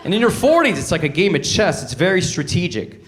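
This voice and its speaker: Canadian guy in his 40s doing standup, high voice, wry, noisy live crowd room. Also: big pitch swings, fairly quick. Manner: wry, acts out both sides of marital arguments. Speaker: stand-up comedian. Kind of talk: stand-up routine. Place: comedy stage before a live audience.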